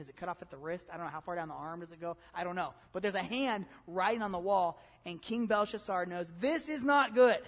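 A man pastor giving a conversational, animated sermon, full of rhetorical questions. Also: sits high, long reverb tail.

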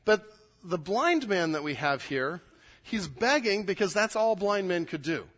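A male pastor delivers a sermon with a high, bright voice. He tells the story in an animated way, rising to loud bursts and dropping to near whispers. His delivery is lively and expressive. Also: measured pace. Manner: animated storytelling, big swings between loud and soft.

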